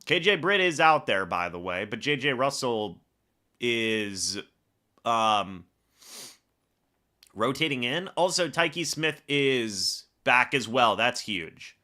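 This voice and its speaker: A man's voice: mid-range voice, animated, slow pace, pushed and bright. A man hosting a live fan reaction stream, calling each play like a broadcaster and chatting to viewers between snaps. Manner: calls plays like a broadcaster, then chats with viewers.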